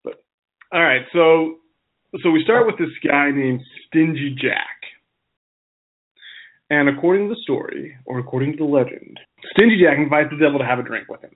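A man co-hosting a podcast, telling a folk tale in a relaxed, chatty way with frequent restarts. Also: fairly high pitch, moderate pace. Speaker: podcast co-host. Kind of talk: casual storytelling chat. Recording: phone-like narrow sound.

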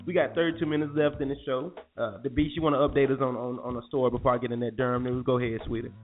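A man's voice: mid-range voice, steady tone, racing. A man hosting a morning talk show in a loose, jokey, slangy way. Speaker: radio show host. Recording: tinny phone-like sound with faint music.

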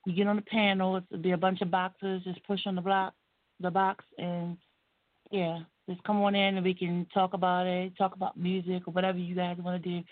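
A woman's voice: mid-range voice, no room sound. A woman on a call-in show explaining how to find her live stream, spelling and repeating the details. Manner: spells things out slowly, repeats instructions. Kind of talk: casual call-in chat. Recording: tinny phone line, dry.

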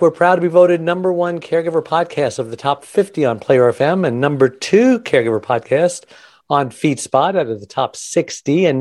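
A man's voice: a little high, darkish tone, no echo. A man hosting a caregiving podcast in an upbeat radio style, chatty and enthusiastic, laughing often. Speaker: podcast host. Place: Los Angeles.

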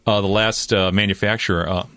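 A man in his forties from Indiana talks as a guest on a studio podcast. He speaks quickly in a fairly low voice and keeps stopping to search for names, and the recording is dry. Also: steady tone, a bit bright, no room sound. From Indiana, USA. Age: 40s. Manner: hesitant, searching for words. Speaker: guest comic artist. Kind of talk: casual chat.

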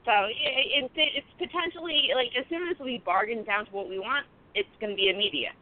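A woman's voice: a little high, a little fast. A woman chef chatting loosely on a podcast, swearing and laughing as she tells stories. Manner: loose, profane, laughing storyteller. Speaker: guest chef. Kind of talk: casual podcast chat. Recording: phone-like lo-fi audio.

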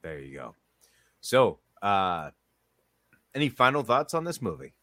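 A man hosting a casual podcast, rambling and chatty, rattling off lists at a quick clip. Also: lowish voice, big pitch swings, fairly bright tone, no room sound. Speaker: podcast host and trivia host.

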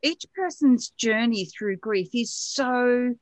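A woman hosting a live-streamed online radio show who warmly welcomes viewers by name, with hesitant fillers. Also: a little high, expressive, takes it slowly, no room sound.

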